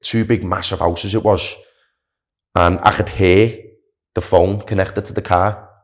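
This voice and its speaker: A young man, a podcast guest, telling a story in a chatty, animated way, full of "like" and "do you know what I mean". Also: deep voice, unhurried. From Wales. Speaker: podcast guest, long-distance walker. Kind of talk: casual storytelling.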